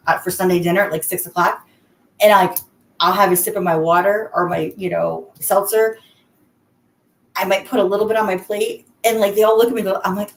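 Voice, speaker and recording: Chatty woman live-streaming in an echoey room. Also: mid-range voice. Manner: chatty, talks to viewers by name, laughs often. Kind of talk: casual live-stream chat. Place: home.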